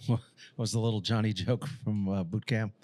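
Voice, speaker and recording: A podcast co-host with a lowish voice tells crude jokes while chatting casually with friends. He speaks at a normal speed and delivers the jokes in an animated way.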